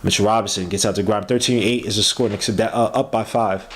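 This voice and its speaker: A tired man hosting a podcast, giving casual live play-by-play commentary, excitable and yelling at plays. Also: on the low side, quick pace, slight background noise. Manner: excitable, yells at plays, trails off mid-word. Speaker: podcast host doing a game watch-along.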